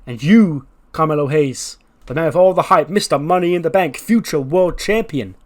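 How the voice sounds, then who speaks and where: A man's voice: fairly high pitch, normal speed, voice pushed up, lightly acted. A man doing a brash veteran champ's promo. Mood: challenging. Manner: boastful trash talk.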